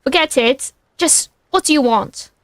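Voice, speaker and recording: A woman's voice: sits high, a little slow, a bit bright, dry recording, clean studio sound. A woman voicing an irritated, sleepy young man in a shaky British accent that slips toward Irish. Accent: attempted British, drifting Irish. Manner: curt, annoyed.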